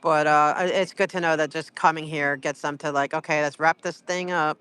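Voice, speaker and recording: Bright, rambling livestreamer on the street. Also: mid-range voice, fairly even intonation, a little fast, smooth, no echo. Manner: rambling, full of "like" and "you know"; teasing, chatty. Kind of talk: casual livestream chat with viewers.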